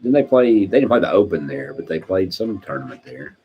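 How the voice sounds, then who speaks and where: A man, chatting casually on a live stream, rambling through stories, clearing his throat often and laughing at his own jokes. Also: sits low, sing-song, a little fast, muffled recording, a little hiss or hum. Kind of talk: casual chat.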